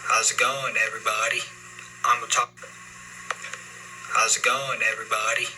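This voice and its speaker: A man's voice: medium pitch, little pitch movement, moderate pace, pushed and bright, a little hiss or hum, low-quality recording. A man voicing a cheery male cartoon skeleton in a phone avatar demo, with playful sing-song nonsense sounds.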